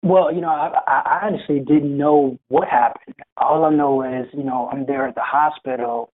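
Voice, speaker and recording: A young man telling his own story as an interview guest, hesitant and full of fillers and restarts, with a husky voice. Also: mid-range voice, steady tone, moderate pace. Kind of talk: personal story in conversation. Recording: tinny phone-like line.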